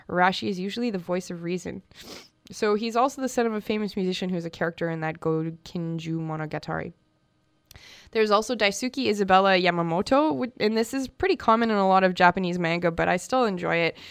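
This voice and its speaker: A woman's voice: on the low side, clean tone, dry recording. A woman hosting a radio show about comics, chatting casually and enthusiastically with fillers and restarts.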